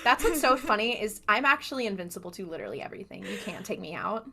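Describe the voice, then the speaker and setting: A woman's voice: medium pitch, animated, quick pace, a crowd in the background. A woman co-hosting a casual podcast, dropping dry, joking asides into the chat. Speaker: podcast co-host.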